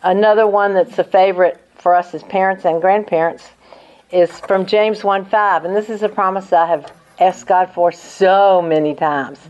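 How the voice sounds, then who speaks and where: A woman's voice: mid-range voice, fairly even intonation, a little mellow, muffled recording. Earnest older woman giving a faith talk. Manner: earnest, measured, reads scripture aloud. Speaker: Christian speaker. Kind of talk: sermon-like teaching talk.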